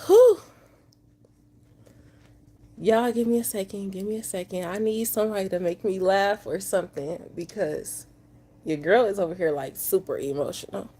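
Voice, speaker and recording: A woman's voice: mid-range voice, mellow, husky. A woman truck driver, vlogging to her viewers, upset and emotional after just waking up. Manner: talks slowly and drawls, addresses viewers as y'all. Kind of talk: emotional casual vlog to viewers.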